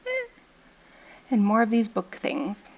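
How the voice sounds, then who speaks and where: Young woman, casual gaming commentary, playful and chatty, gravelly voice, dull lo-fi mic. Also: a little high, wildly swooping pitch, slow pace, a little mellow. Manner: chatty and playful, reads card text aloud and jokes about the art. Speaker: gaming video host. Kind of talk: casual commentary while opening card packs.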